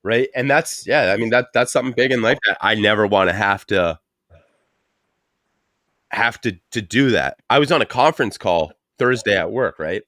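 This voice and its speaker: In a clean, dry studio recording with no room sound, a man in his thirties hosts a podcast, his lowish, bright voice forceful and lively in intonation at a moderate pace. He tells stories loosely and casually, cursing freely and leaning on "like" and "you know."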